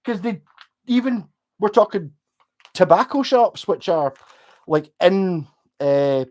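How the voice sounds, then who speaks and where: A high-pitched Scottish man takes it slowly while rambling casually to viewers on his livestream. Easygoing and unpolished, he digresses constantly and swears freely.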